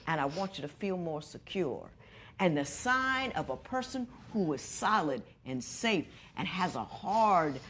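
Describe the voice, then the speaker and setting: A middle-aged woman judge on a courtroom show, firmly lecturing and advising the couple, moving between stern and gentle. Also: lowish voice, a little hiss or hum. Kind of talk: courtroom ruling and advice.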